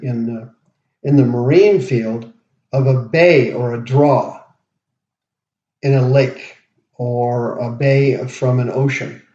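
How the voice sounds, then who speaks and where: A man preaching a verse-by-verse sermon, slowly explaining each word as he goes. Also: medium pitch, darkish tone. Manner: slow, deliberate, pauses to explain words. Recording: roomy, dull lo-fi podcast audio.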